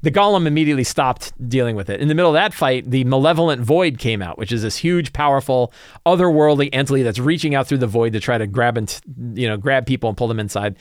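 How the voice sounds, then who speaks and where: A man's voice: medium pitch, fast, no echo, clean studio sound. A man hosting a show, casually recapping a tabletop campaign as game master, rambling with many fillers and restarts.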